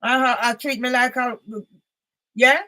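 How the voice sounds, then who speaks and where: A woman, an author and campaigner, delivering an angry, confrontational monologue aimed at one person, breaking into loud emphatic bursts. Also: high-pitched, steady tone, unhurried.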